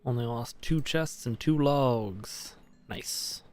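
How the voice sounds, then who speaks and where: Relaxed man chatting while playing. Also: medium pitch, moderate pace. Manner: relaxed, musing, talks to teammates while mining. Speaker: gaming streamer. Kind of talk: casual gameplay chat.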